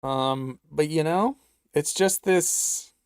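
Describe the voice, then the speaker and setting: A man hosting a livestream, his voice pitched a touch high and roughened by a gravelly creak. He rambles sarcastically, firing off strings of mock-anxious questions. The sound is dry and close, with no room around it. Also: slow pace, no echo. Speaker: livestream host. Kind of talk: livestream commentary reading chat.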